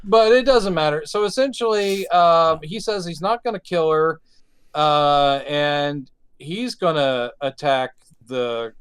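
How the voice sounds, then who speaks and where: A sardonic male podcast co-host with a somewhat high voice. He talks in a smooth, resonant tone with a dry, close sound. He breaks down a film in casual conversation. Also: slow pace, a bit bright, no room sound. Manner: sardonic, mocks the film by acting out its characters. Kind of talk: casual film-review chat.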